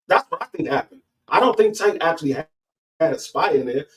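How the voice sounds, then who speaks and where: Halting, emphatic man talking boxing. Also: sing-song, distant mic, slight background noise, low-quality recording. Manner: halting, many restarts and fillers, rises high when arguing. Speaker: boxing talk guest. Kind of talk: casual sports chat.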